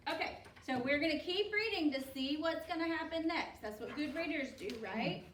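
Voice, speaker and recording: A woman's voice: sits high, normal speed, fairly bright tone, slight background noise. A woman teacher reading a picture book to children, encouraging and asking pupils questions by name. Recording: roomy, distant mic.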